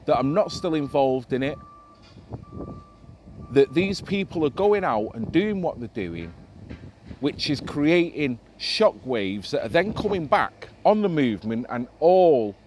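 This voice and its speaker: Impassioned man, lively pitch. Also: slight background noise. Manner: emphatic, ranting, swears freely. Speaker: vlogger. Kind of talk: impassioned monologue to camera.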